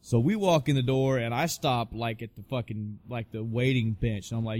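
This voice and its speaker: A man with a mid-range, slightly mellow voice tells a casual personal anecdote at normal speed with few pauses. He swears freely and rambles, restarting his sentences often.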